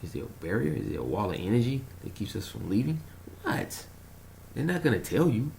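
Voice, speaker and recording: A man rambling through a casual vlog monologue, telling a story in an animated way, chuckling and trailing off while he searches for words. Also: mid-range voice, fairly quick, vocal fry, a little hiss or hum. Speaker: conspiracy vlogger.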